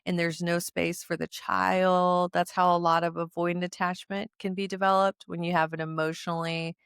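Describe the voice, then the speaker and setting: Brief: middle-aged woman host, earnest teaching monologue, lowish voice, dry close sound. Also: flat delivery, moderate pace, creaky, fairly bright tone, clean tone, dry recording. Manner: earnest, often repeats words for emphasis. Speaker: podcast host.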